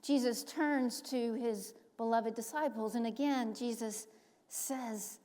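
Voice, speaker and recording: A woman pastor preaching a sermon, dropping to a hushed whisper on key phrases and rising to emphatic peaks. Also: on the high side, steady tone, a little slow. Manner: emphatic, rising on stressed points. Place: church sanctuary. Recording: long church reverb.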